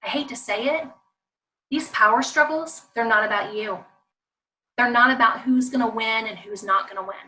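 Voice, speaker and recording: Animated, bright-voiced woman giving a talk. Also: fairly high pitch, moderate pace, recorded from a distance, slight background noise, low-quality recording. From Southern US. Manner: animated, emphatic, rhetorical questions. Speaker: parenting speaker. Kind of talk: online talk.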